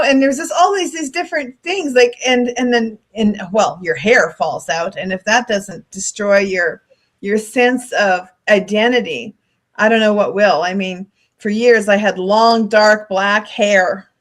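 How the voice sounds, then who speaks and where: Woman, middle-aged, co-host, candid and emotional, casual chat. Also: medium pitch.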